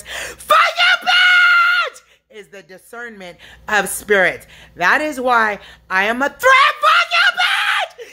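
A woman vlogger in an agitated, unscripted monologue, talking low and steady between sudden high shrieked outbursts. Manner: talks low and steady, then breaks into high shrieked curses. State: agitated, at times crying out.

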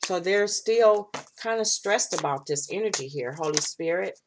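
A woman's voice: lowish voice, expressive, moderate pace, background noise. A woman doing a casual tarot reading for her viewers, blunt and profane, checking in constantly with "all right?" and "okay?". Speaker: tarot reader.

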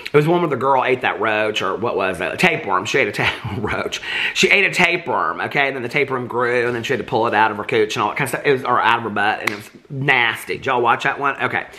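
Reality-TV vlogger, a man, bright voice, chatty and theatrical. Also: medium pitch, lively intonation, fast. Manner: chatty, dramatic, full of "like" and "okay". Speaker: TV commentary vlogger. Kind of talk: casual gossipy chat to camera.

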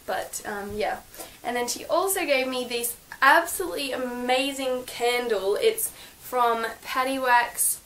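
A woman's voice: on the high side, a bit bright, a little hiss or hum, poor audio. A young woman vlogging from her bedroom, gushing and chatty with lots of fillers as she shows her birthday gifts. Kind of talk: casual birthday haul vlog.

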